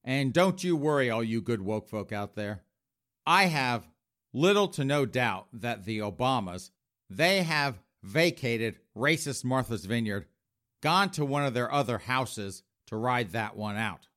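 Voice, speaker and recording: Animated, campy male podcast host. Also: mid-range voice, unhurried. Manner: sarcastic, campy, mocking. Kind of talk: comedic monologue.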